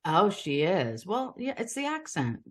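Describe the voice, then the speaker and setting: A woman's voice: lowish voice, wildly swooping pitch, unhurried. An American woman with a Philadelphia accent, chatting as an interview guest and rambling easily. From United States. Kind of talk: casual interview chat.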